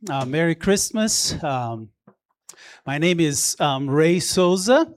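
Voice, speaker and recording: A man from Brazil with a Brazilian Portuguese accent, a pastor preaching a sermon to his church in a warm, halting way with many pauses and restarts. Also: fairly high pitch, expressive.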